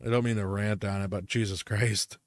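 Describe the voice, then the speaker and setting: A man's voice: fairly low pitch, steady tone, brisk, dry recording, studio quality. A man telling a long profane story in casual chat, acting out the people he quotes as he rants. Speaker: podcast co-host.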